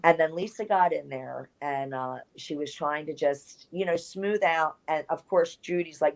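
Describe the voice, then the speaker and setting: A woman who used to wrestle professionally tells candid stories in an interview, animated and blunt, with salty language. Her voice sits low, and she talks a little slowly with few pauses.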